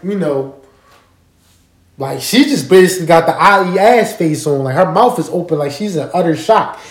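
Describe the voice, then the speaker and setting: A man casually telling a story straight to his listeners, animated and profane, often checking that they follow him. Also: a little high. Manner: animated, profane, keeps asking listeners to agree. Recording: roomy echo.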